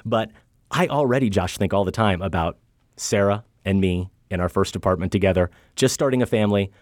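A man's voice: low-pitched, a little fast, darkish tone, no room sound, studio quality. A middle-aged man co-hosting a film podcast, talking in a reflective, earnest way about a movie and his own family. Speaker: podcast co-host. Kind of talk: casual film discussion.

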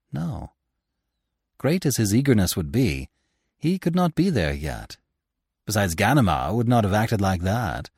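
A man narrating a classic story in an expressive storytelling manner. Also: on the low side, husky, no echo, studio quality. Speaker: audiobook narrator. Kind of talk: scripted narration.

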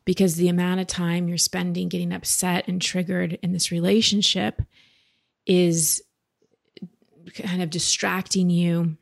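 A woman with a low, gravelly voice coaches a caller. She talks in a direct, gentle tone. She sounds like she's in her thirties. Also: flat delivery, a little slow. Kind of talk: advice podcast with a caller.

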